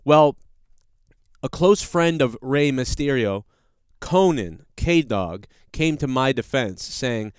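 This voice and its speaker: A man's voice: mid-range voice, expressive, slow, clean tone, no echo, clean studio sound. A man hosting a podcast, ranting in a casual, blunt and profane way with rambling restarts. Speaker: podcast host. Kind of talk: casual commentary rant.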